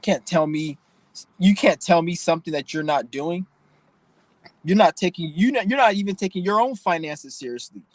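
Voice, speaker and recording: A man's voice: a little high, animated, normal speed, no echo, poor audio. A young man hosting his own channel, ranting bluntly and profanely in a preachy, emotional way. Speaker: channel host. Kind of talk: casual vlog rant.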